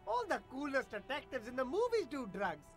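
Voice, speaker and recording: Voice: high-pitched, very animated, brisk, soft background music. A voice actor playing a defensive, boastful street vendor in a video game who keeps dodging questions with rambling denials. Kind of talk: game voice acting.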